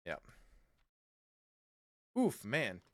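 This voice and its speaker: A man's voice: mid-range voice, wildly swooping pitch, extremely slow, a bit bright, no room sound, clean studio sound. A man hosting a card game podcast, joking and laughing as he talks through his moves. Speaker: podcast host. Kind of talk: casual tabletop game play on a podcast.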